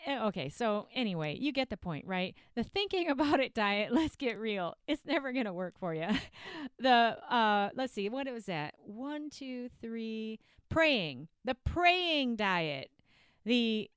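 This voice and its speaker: A woman's voice: on the high side, very animated, slow, smooth, dry recording, studio quality. A woman hosting a weight-loss podcast, talking bluntly and a little profanely into a podcast mic. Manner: blunt, outspoken, mildly profane. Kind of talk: blunt motivational podcast talk.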